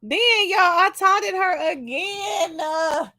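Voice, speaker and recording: A woman vlogger telling a story straight to her viewers in a casual, animated way, laughing often. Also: extremely high pitch, slow pace, dry recording, clean studio sound.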